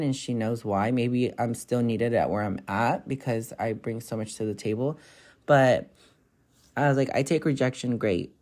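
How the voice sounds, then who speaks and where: A woman's voice: very deep voice, a little mellow. A young woman vlogger telling stories in a casual, rambling way, swearing freely and filling her talk with constant "like"s. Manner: profane, rambling, filler-heavy with constant "like". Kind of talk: casual storytelling vlog.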